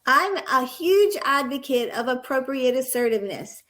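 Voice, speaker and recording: A woman's voice: high voice, animated, normal speed, fairly bright tone. A woman who teaches nursing, talking earnestly in an interview and illustrating her points with short acted-out examples. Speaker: nursing educator and guest. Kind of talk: conversational interview, storytelling.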